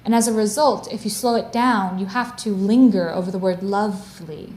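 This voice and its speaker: A woman lecturing in a room with a noticeable echo. Her pitch sits in the middle range. She talks in a clear, explanatory way and pauses to spell out each term for her listeners. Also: steady tone, darkish tone. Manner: clear, explanatory, stops to define terms. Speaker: guest lecturer. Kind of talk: academic lecture. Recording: roomy echo.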